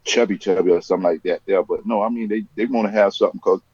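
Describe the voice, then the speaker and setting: A man on a casual podcast who tells stories emphatically, with swearing and animated asides. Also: on the low side, racing, slightly rough, dry recording, highs cut off. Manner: animated storyteller, profane, emphatic.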